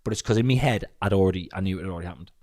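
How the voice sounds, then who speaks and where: A hungover man co-hosting a podcast, telling stories in an animated, exasperated way. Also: sits low, rapid-fire. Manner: animated, exasperated storytelling with swearing. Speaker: podcast co-host. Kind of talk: casual chat.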